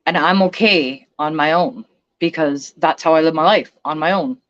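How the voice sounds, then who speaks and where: A woman's voice: low voice, normal speed, fairly bright tone, dull audio. A woman ranting bluntly on a casual livestream, swearing and speaking emphatically. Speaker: vlogger.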